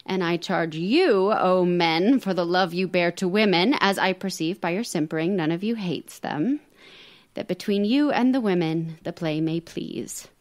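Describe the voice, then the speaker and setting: An American actress reading a witty young woman's stage epilogue aloud, with measured, theatrical emphasis. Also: fairly low pitch, natural voice. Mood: playful.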